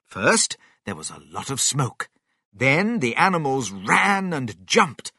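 A man reading a storybook aloud slowly and clearly, with an expressive delivery. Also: medium pitch, dry recording, clean studio sound.

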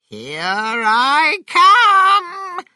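A storyteller voicing a cranky old grandmother in a storybook read-aloud, with very high, loud, drawn-out cries. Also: huge pitch swings, no echo, studio quality, exaggerated voice. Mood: shrieking. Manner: loud and stretched out.

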